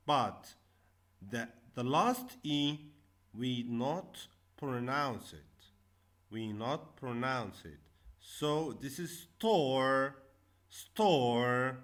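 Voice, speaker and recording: A man teaching a classroom English lesson, repeating each word and stressing the syllables loudly. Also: medium pitch.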